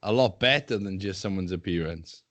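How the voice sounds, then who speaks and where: A man's voice: deep voice, normal speed, a bit bright. A man co-hosting a podcast, talking bluntly and mockingly in crude casual banter and laughing often. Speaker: podcast co-host. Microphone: live stream call.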